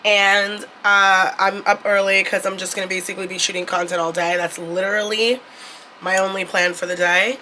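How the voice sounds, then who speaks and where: A woman's voice: medium pitch, level tone, moderate pace, bright, forceful tone, slight background noise. A young woman vlogging casually into her phone camera, chatty and blunt, swearing freely. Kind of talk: casual vlog talk to camera.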